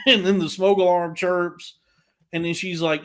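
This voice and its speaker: A man's voice: sits high, a little slow. A man talking casually on a podcast, telling a rant in a crude, profanity-heavy way with lots of restarts. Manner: animated, frequent restarts.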